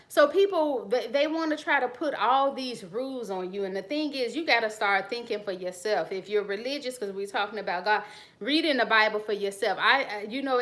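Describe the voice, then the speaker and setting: A woman's voice: fairly high pitch, a bit bright. A woman hosting her channel, talking bluntly and animatedly to camera. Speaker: channel host. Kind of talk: casual talk to camera.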